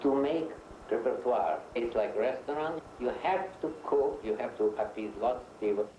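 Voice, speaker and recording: A man in an archival interview, speaking in halting English with non-native phrasing. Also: mid-range voice, mellow, a little hiss or hum, poor audio.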